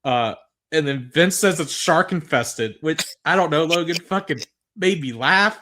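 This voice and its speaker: A man's voice: fairly high pitch, a little slow, bright, forceful tone, slight background noise. Casual swearing male podcast co-host. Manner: rambling, swears freely, laughs at absurd moments. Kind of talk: casual recap chat.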